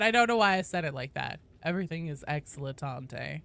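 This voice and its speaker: A woman streaming a game, chatting casually with viewers, greeting them loudly and swearing freely. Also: fairly low pitch, normal speed, no echo.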